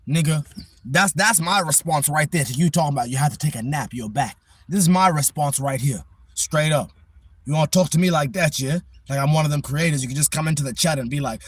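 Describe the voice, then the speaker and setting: Young male livestreamer, husky and slightly high-voiced, brash slangy delivery aimed at chat. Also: animated, fairly quick.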